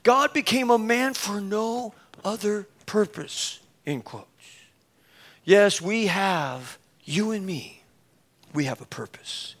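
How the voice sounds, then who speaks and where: A man in his fifties preaching a sermon, telling a story with lively acted-out dialogue and laughing at himself. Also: high voice, slow. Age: 50s. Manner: animated, acts out both sides of dialogue, laughs at himself.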